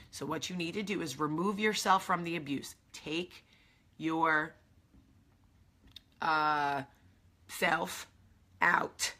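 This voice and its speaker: Husky, bright-voiced woman giving pep talk. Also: lowish voice, takes it slowly, long pauses. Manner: emphatic, affectionate, repeats key phrases. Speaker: live video host. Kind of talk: motivational coffee talk livestream.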